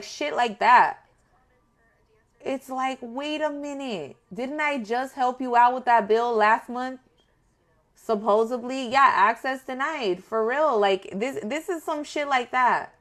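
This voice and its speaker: A woman's voice: a little high, measured pace, fairly bright tone. Blunt, profane woman tarot reader. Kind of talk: casual spoken tarot reading.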